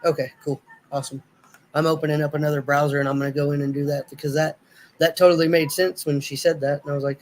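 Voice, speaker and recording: Monotone man hosting a livestream. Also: fairly high pitch, fast talker, low-quality recording. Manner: hesitant, many fillers, thinks aloud while clicking around. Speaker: livestream host. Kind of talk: casual livestream chat.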